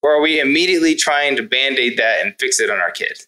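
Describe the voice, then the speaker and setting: Reflective male guest, crisp bright tone, thinks aloud with rhetorical questions. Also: medium pitch, expressive, quick pace, poor audio. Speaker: parenting guest. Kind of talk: conversational podcast talk.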